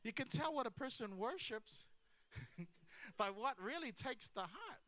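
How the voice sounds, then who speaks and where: A man preaching a lively sermon with humor and asides. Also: very high-pitched, a little slow. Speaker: pastor.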